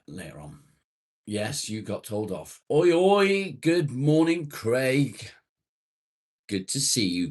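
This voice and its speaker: A man hosting a casual livestream, greeting viewers by name and bantering jokily as he reads their comments. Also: extremely low pitch. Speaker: livestream host. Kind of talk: casual live chat, reading viewer comments.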